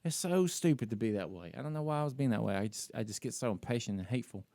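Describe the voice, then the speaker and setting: A man's voice: medium pitch, lively intonation, very fast, dark tone, no room sound. A man co-hosting a podcast, telling a story in a casual, candid way and criticizing himself, with lots of "you know" and "like". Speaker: podcast co-host. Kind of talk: casual chat.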